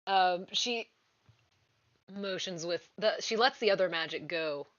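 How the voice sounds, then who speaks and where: A woman running a tabletop game, narrating slowly and hesitantly with many ums. Her voice sits on the low side for a woman, yet sounds bright and crisp. She takes her time with each scene. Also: lo-fi sound. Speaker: game master.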